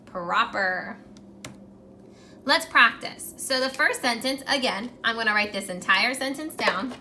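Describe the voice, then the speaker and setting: A woman teacher giving a recorded grammar lesson to young students, clear and encouraging, slowing down while she writes on a whiteboard. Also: on the high side, bright, forceful tone, a little hiss or hum.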